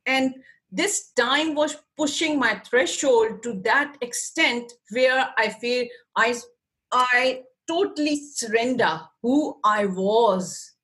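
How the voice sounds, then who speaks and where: A woman's voice: a little high, slow, fairly bright tone. A woman guest in an interview telling an emotional personal story, acting out her own past words and often laughing.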